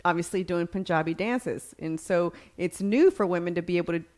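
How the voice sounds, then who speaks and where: A woman telling a story in a lively, laughing way on a casual podcast. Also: on the low side, brisk.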